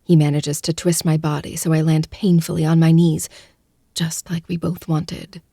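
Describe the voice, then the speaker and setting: A woman narrating a first-person audiobook close to the mic, in a hushed, breathy, intimate delivery that often drops to a whisper. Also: low voice, flat delivery, normal speed, no echo.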